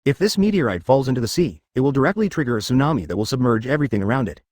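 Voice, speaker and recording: A man's voice: mid-range voice, lively intonation, rapid-fire, darkish tone, no echo, clean studio sound, close to an everyday voice. A man voicing a brooding billionaire inventor hero in a storybook reading, speaking in a grave, confiding way. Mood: determined.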